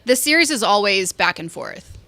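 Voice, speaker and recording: A woman's voice: mid-range voice, big pitch swings, moderate pace, creaky, sharp tone. A woman co-hosting a live hockey watch-along in a studio, dropping wry, teasing remarks. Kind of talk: casual live chat. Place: team studio.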